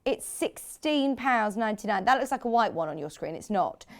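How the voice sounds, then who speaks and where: A woman presenting products on live shopping television, chatty and enthusiastic, joking with the crew between sales pitches. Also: expressive, normal speed, gravelly.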